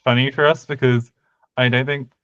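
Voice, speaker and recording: A man's voice: medium pitch, level tone, normal speed, a bit bright, no room sound, highs cut off. A man co-hosting a podcast, chatting casually and teasing his co-host. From United Kingdom. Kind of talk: casual chat.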